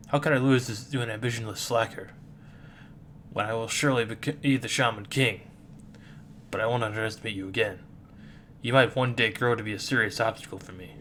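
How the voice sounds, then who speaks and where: Man doing arrogant teen boy rival, haughty, contemptuous, low and subdued. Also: a bit bright, slight background noise, natural voice. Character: arrogant proud teenage boy shaman rival.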